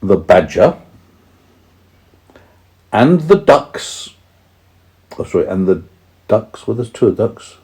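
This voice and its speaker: A man's voice: lowish voice, sing-song, slow pace, long pauses, warm tone. A man reading a children's story aloud to his young child, patiently stopping to explain words.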